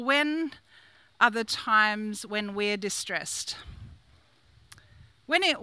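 Bright, crisp woman preaching. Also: a little high, dry recording. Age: 50s. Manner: chatty, asks the congregation questions, laughs often. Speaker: guest preacher. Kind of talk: conversational sermon.

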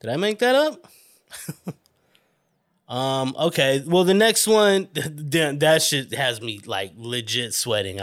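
A man's voice: mid-range voice, a bit bright, no room sound. Man, podcast host, rambling, self-conscious, swearing, dry close mic. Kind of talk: casual podcast chat.

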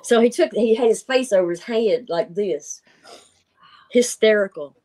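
A woman's voice: medium pitch, lively intonation, measured pace, a little mellow. A middle-aged woman, telling stories in casual chat, laughing often and acting out voices. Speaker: guest telling encounter stories.

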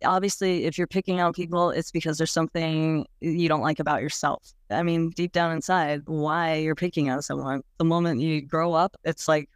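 This interview captures a woman's low voice with fairly even intonation, a moderate pace and few pauses, her tone clean and the studio sound free of echo. She recounts personal experiences candidly and casually, peppering them with "like" and an occasional blunt curse.

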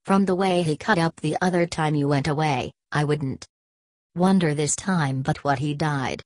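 Brief: woman reading a drawling frontier dog musher, plain and folksy, low voice, dry close sound. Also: moderate pace, no room sound, close to an everyday voice. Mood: worried. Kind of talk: audiobook reading of a classic novel.

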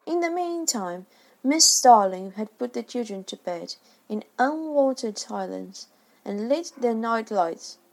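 A woman reading a classic children's story aloud with expressive, varied delivery. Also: a little high, slow pace, vocal fry. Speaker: reader. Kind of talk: storybook narration.

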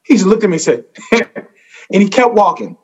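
A man doing a stand-up set, telling self-mocking stories in an animated way. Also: high-pitched, fairly quick, husky, muffled recording. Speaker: stand-up comedian.

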